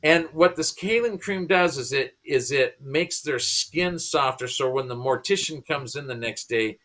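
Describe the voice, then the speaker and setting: A man in his fifties, a pastor and comedian, telling a story as a podcast guest in an animated way, often restarting and repeating words. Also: mid-range voice, measured pace, a little hiss or hum. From United States. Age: 50s. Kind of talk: conversational storytelling.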